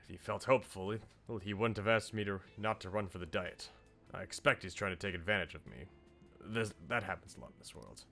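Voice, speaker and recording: A weary middle-aged male politician, as a man reading game lines plays him, soft-spoken and measured. His voice sits a little lower and quieter than usual, earnest and reflective. Faint music hums behind. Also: vocal fry.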